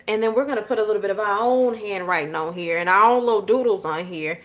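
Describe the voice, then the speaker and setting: A woman with a Southern Georgia accent and a slightly high voice hosts a relaxed journaling tutorial. She talks to her viewers like friends, checking in with them often along the way. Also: fast, hardly any pauses. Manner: chatty, talks straight to viewers with frequent "y'all" and "okay?". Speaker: journaling channel host.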